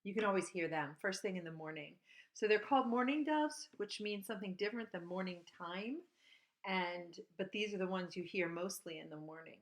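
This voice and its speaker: A woman teaching at an outdoor school, reading a bird picture book aloud and chatting about the birds, breaking into high bird calls and hushed whispers. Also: fairly quick. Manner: shifts to hushed whisper for quiet parts.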